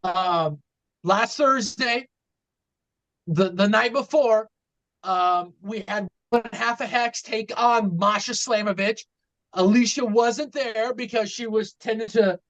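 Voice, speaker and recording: A woman's voice: mid-range voice, a bit bright, poor audio. A woman co-hosting a casual podcast, recapping matches with a hesitant manner, full of ums and restarts. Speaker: podcast co-host.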